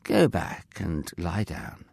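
A man voicing a kindly old priest in a children's story, speaking gently and a little drowsily. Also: on the low side, sing-song, slow, creaky, no echo, full character voice. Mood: gentle.

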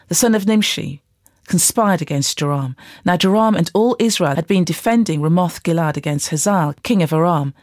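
A Bible reader reading scripture aloud at a steady, even rate. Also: medium pitch, dry recording, clean studio sound.

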